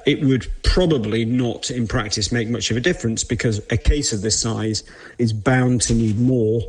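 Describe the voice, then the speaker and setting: A man's voice: medium pitch, moderate pace, husky. A man giving careful explanatory commentary as an analyst.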